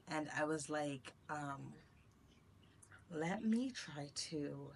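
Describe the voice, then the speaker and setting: A young woman tells a meandering personal story to her followers, full of fillers and sudden laughter. Her voice sits on the lower side and sounds bright and a little tense. It carries the echo of a bare room, with a faint hiss behind it. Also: big pitch swings, slow pace, pauses often. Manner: rambling, lots of fillers, bursts of laughter. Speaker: vlogger. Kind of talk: casual storytelling to camera.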